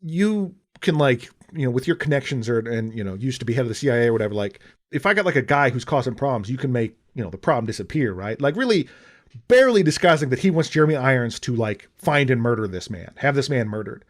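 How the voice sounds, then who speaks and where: A man in casual podcast chat, retelling a film scene by scene in a loose, animated way. His voice sits at an ordinary middle pitch. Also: quick pace. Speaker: podcast co-host.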